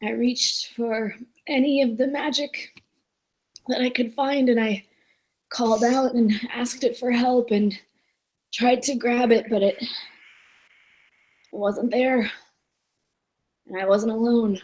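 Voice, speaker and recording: A woman voicing a scarred, battle-worn woman who is raspy, hushed and close to tears. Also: a little high, fairly even intonation, low-quality recording. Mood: haunted. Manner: hushed, halting speech, often near a whisper.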